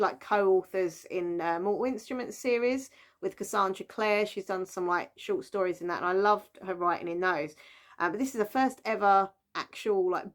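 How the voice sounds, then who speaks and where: A British woman chatting casually about books she has read, rambling with lots of fillers and laughing often. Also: mid-range voice. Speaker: book vlogger. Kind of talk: casual chat.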